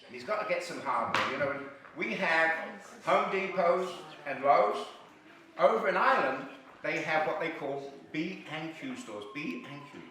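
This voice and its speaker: A man telling jokes as a stand-up comedian, lively and chuckling at his own punchlines. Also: fairly high pitch, moderate pace, heavy reverb, distant mic, slight background noise. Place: comedy venue.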